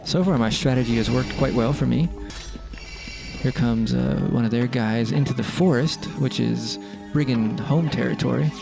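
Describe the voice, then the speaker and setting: A man narrating a roleplay game session in a casual, wry, deadpan way. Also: mid-range voice, normal speed, creaky, music in the background.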